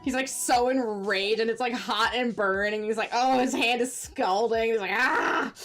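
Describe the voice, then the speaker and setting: Animated woman streamer with laughing asides. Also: on the high side, normal speed, faint music behind. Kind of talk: live game playthrough commentary.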